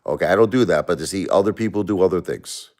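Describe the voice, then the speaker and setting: A low, darkish voice delivered fast belongs to a middle-aged man hosting a livestream. He speaks to viewers in an emotional, defensive ramble, with restarts and words said over again.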